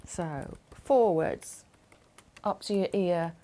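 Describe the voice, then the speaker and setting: Lower-pitched woman leading chair exercises. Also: drawn-out words, mellow. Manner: encouraging, instructive. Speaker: exercise instructor. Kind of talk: guided chair exercise class.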